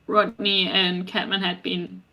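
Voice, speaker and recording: A woman's voice: lowish voice, level tone, a little slow, pushed and bright. A woman co-hosting a fan podcast in casual chat, thoughtful and a little hesitant. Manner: thoughtful, hesitant, with frequent restarts. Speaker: podcast co-host.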